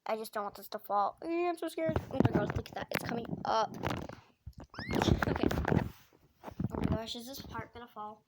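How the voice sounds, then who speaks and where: A woman's voice: fairly high pitch, animated, normal speed, pauses often. A female vlogger chatting casually while stacking toys, nervous and full of "like" and "oh my gosh". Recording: loud clicking noise behind voice.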